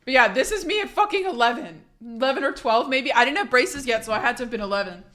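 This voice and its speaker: Young female streamer, sick and hoarse, casual and blunt, swears freely, restarts sentences a lot. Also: fairly high pitch, animated, fast talker, a bit bright. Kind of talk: casual chat reading a live chat.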